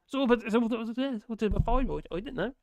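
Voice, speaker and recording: A hoarse man, hosting a casual live stream from home and chatting loosely as he reads out viewer comments. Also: very high-pitched, expressive, racing, a little mellow, no echo. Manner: rambling, chatty, self-mocking, hums to himself. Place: at home in France. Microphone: desk microphone.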